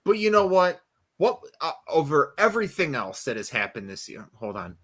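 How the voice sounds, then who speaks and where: A young man co-hosting a casual podcast, his voice bright and forceful with wide swings in pitch. He swears freely and jumps between shouting and muttering. He talks from his own desk mic, as if on a video call. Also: sing-song, moderate pace. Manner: loud, profane and playful, swings between shouting and mumbling. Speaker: podcast co-host. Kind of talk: casual chat.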